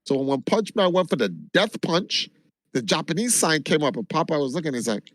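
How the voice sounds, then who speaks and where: Animated man streamer telling a wild story. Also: a little high, fairly quick, no room sound. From Jamaica. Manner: animated storytelling, swearing freely. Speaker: livestreamer. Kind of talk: casual chat.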